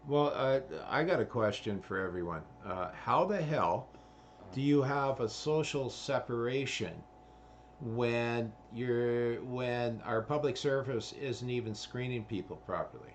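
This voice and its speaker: A man's voice: mid-range voice, unhurried, a little hiss or hum. A man, ranting in a rambling commentary full of swearing and fillers. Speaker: vlogger.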